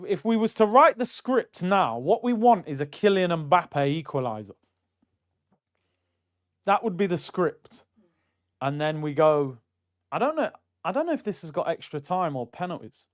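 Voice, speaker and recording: A young man hosts a live football watchalong, his voice sitting a little high for a man. He talks in slang and tells stories with big swings between excited outbursts and quiet muttering. The stream audio comes through dull and lo-fi. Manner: animated storyteller, slangy, jumps between loud hype and low muttering. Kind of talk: casual live stream chat.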